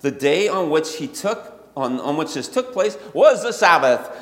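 A man preaching a sermon in a conversational way that builds to animated emphasis, heard in a church hall. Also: a little high, unhurried. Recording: echoey hall, long reverb.

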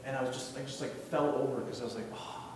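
A man's voice: mid-range voice, fairly even intonation, rapid-fire, a little mellow. Man, preaching sermon, casual storytelling, reverberant church hall, distant mic. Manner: casual, storytelling, acts out quotes. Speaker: youth pastor. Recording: echoey hall, distant mic, faint noise.

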